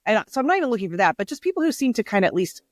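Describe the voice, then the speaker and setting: A woman's voice: mid-range voice, big pitch swings, very fast, no room sound, clean studio sound. A woman co-hosting a podcast in casual chat, rambling and chatty, laughing often. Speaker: podcast co-host.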